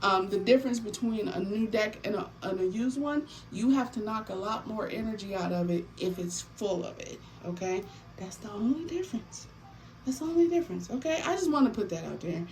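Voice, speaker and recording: A woman hosting a tarot deck giveaway in a casual, animated chat, swearing freely and repeating herself for emphasis. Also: medium pitch, low-quality recording. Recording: faint background noise.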